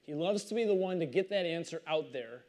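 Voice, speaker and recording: A male pastor reading scripture aloud and commenting on it in a conversational, animated storytelling way. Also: on the high side, a little fast.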